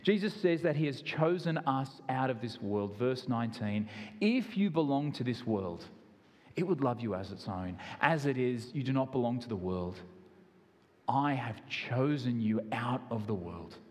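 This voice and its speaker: A man's voice: medium pitch, animated, unhurried, darkish tone, long reverb tail. A man with an Australian accent, preaching a sermon in an earnest, conversational way with self-deprecating asides. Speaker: pastor.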